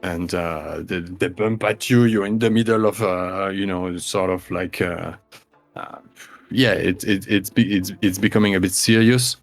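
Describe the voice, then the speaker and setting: A man narrating as game master, halting and full of fillers. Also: low-pitched, steady tone, soft background music.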